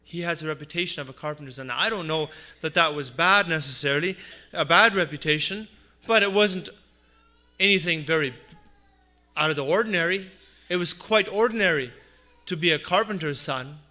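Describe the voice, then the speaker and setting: A man preaching a Christmas sermon, earnest and repeating phrases for emphasis, dropping low on his asides. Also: a little fast, pushed and bright. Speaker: pastor.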